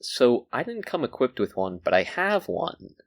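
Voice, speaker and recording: Halting man with a lively pitch. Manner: halting, many "like"s and restarts. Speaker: podcast co-host. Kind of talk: casual film chat.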